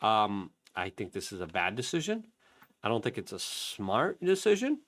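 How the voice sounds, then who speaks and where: A man's voice: fairly low pitch, normal speed. A man hosting opinionated political commentary, emphatic and repeating points for stress. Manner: emphatic, animated, repetitive for emphasis.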